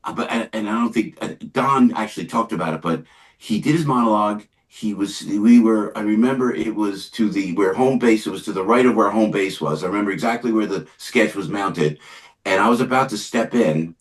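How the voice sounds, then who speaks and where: An older man, a comedian guest on a chat show, telling show-business stories in a lively, rambling way with many restarts and quick agreements. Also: lowish voice. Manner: animated, lots of yeahs and restarts. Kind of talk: casual chat, storytelling.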